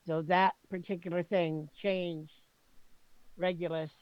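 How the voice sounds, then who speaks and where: A woman's voice: lowish voice, little pitch movement, slow pace, no echo, lo-fi sound. A woman playing a tabletop role-playing game, chatting casually and rambling through explanations. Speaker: player.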